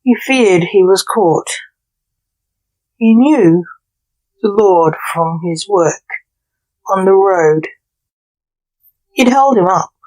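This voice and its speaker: A woman's voice: mid-range voice, animated, drawn-out words, pauses often, darkish tone, low-quality recording. A woman narrating a historical romance story aloud as a storyteller.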